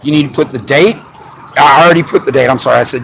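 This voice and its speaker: A man's voice: medium pitch, fast talker, gravelly, fairly bright tone, a little hiss or hum, low-quality recording. A man, frustrated and insistent, making a complaint to a police officer on a live stream. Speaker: citizen auditor filing a complaint. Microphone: phone live stream.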